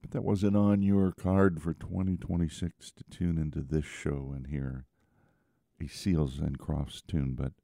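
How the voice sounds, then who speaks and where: A middle-aged man hosting a radio music show, talking in a laid-back, chatty way with lots of small pauses. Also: rumbling low, little pitch movement, vocal fry, mellow, dry recording, clean studio sound. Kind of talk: casual radio show patter.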